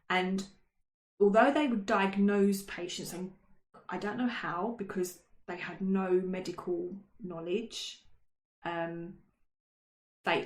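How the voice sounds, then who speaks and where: A woman co-hosting a casual history chat, chatty and self-mocking, with frequent ums. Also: lowish voice. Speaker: podcast co-host. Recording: roomy echo.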